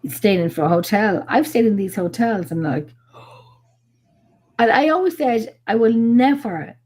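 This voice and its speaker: This is a woman from Ireland who investigates the paranormal, chatting through stories live in an animated way, full of fillers and swearing. Her pitch is medium and her tone has a breathy edge.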